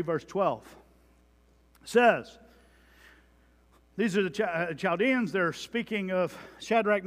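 A man preaching a sermon, reading scripture aloud with dramatic emphasis. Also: sits high. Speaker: pastor. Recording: long hall reverb.

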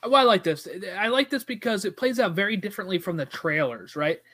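Brief: man, high voice, casual film chat, animated, does the character lines. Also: brisk. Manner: animated, acts out quoted dialogue. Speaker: podcast co-host. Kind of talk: casual movie discussion.

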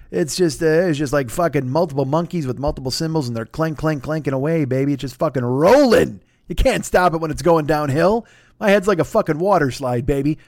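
A man hosts a podcast and riffs through a sponsor plug in a crude, profane ramble, mocking himself as he goes. His voice sits a bit high for a man and swings from loud bursts to low mutters. The sound is dry, with no room around it. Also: no echo. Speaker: podcast host.

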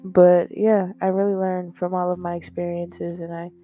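With a lowish voice and flat delivery, a young woman speaks at a moderate pace on her podcast. Her monologue is casual and confessional, rambling and candid, with many fillers and some swearing into the mic. The audio is dull and lo-fi, with faint guitar in the background.

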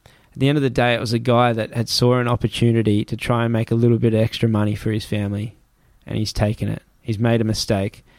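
A young man casually telling a story as a guest, animated and acting out the other people's voices. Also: mid-range voice, quick pace, no room sound. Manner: animated retelling, acts out the voices in his story.

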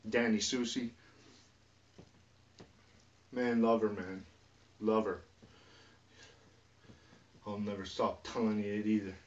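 Angry guy cussing up a storm, goes quiet then yells, sounds far off from the mic. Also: fairly low pitch, flat delivery, slow pace, long pauses. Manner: profane and agitated, swinging from muttering to yelling. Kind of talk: rambling emotional rant to camera. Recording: distant, dull lo-fi recording.

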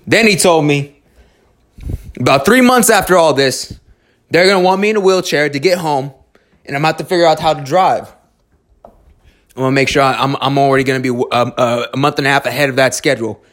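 A man's voice: fairly high pitch, fairly quick, pauses often, a bit bright. Blunt, profane man telling a story. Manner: blunt, profane, restarts a lot; earnest, motivational. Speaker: storyteller giving life advice. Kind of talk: casual monologue.

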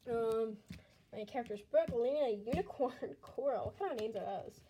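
A woman's voice: fairly high pitch, normal speed, mellow, slight background noise, poor audio. A teenage girl vlogging casually about her old drawings, self-mocking and giggly, often dropping into whispers. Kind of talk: casual commentary on old sketchbook. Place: bedroom at home.

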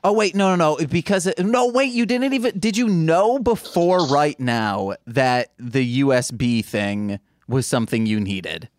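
A man's voice: fairly high pitch, expressive, measured pace, hardly any pauses, no room sound, studio quality. A man co-hosting a podcast, telling rambling stories in casual chat and acting out quoted dialogue. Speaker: podcast co-host.

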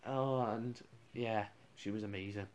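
A man's voice: lowish voice, steady tone, unhurried, a little hiss or hum. A man, a radio presenter, casually rambling through funny school anecdotes with restarts and chuckles.

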